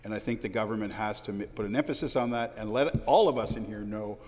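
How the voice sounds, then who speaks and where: A man speaking in a parliamentary debate, personal and anecdotal, with halting restarts. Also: on the low side, darkish tone. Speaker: legislator answering questions. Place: large legislative chamber. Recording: long reverb of a large hall.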